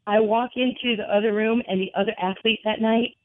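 A woman in her sixties from New York, a former basketball player telling animated stories as a guest, laughing often, heard over a phone line. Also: fairly high pitch, brisk, no room sound. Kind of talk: storytelling interview over the phone. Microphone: telephone. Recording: tinny phone line, dry.

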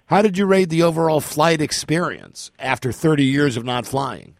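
A man's voice: a little high, normal speed, creaky, dry recording, clean studio sound. A male radio host chatting casually and telling a joking story.

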